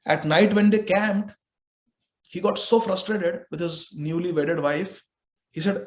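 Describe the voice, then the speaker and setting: A man with an Indian English accent, a spiritual teacher telling a scripture story in an animated way, dropping Hindi phrases. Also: high voice, unhurried.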